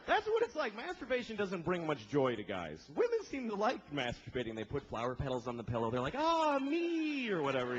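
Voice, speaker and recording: A man's voice: mid-range voice, muffled recording, noisy background. Profane, exasperated stand-up comedian man. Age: 30s. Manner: profane, exasperated, acts out characters in quick asides.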